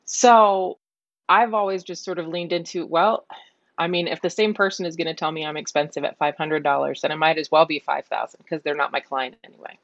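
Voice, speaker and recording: A woman's voice: deep voice, fairly even intonation, brisk, dry recording, muffled recording. A woman guest on a podcast, sharing practical business advice in a matter-of-fact way. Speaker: guest photographer. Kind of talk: casual advice chat.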